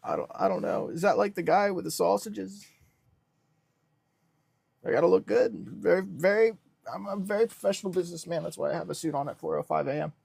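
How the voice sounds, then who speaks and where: Deadpan young male streamer, high voice, dry close sound. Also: a little fast, creaky, husky, no room sound. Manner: deadpan self-styled businessman persona. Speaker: livestream host. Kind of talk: casual livestream chat reading comments.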